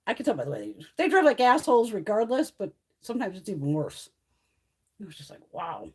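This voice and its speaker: A woman's voice: mid-range voice, huge pitch swings, brisk, a little mellow, husky. A woman hosting a beauty livestream, chatting casually with viewers, blunt and swearing freely, with frequent laughs. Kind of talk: casual live chat with viewers. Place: home on a mountain.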